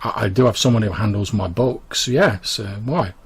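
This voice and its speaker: A man's voice: fairly low pitch, normal speed, vocal fry, husky, heavily acted. A man voicing a flustered middle-aged woman who runs a brothel, stammering and tripping over her words. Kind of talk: tabletop game character voice.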